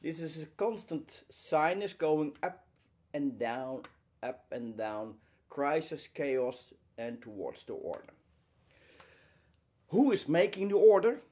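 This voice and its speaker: Very animated, with a mellow voice on the high side, a man lectures inspirationally in short bursts separated by pauses. Rhetorical questions and repeated key words give his talk its emphatic feel.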